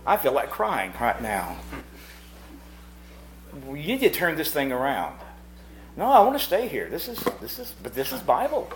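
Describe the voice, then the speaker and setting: Animated preacher, lively high voice. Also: male voice, a little hiss or hum. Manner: animated preacher, swings from hushed to shouting. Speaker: pastor. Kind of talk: sermon. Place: church meeting house.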